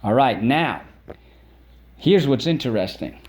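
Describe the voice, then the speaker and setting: A man's voice: medium pitch, expressive, a little slow, darkish tone. A middle-aged man teaching a spelling lesson to children, repeating words and sounding out their syllables.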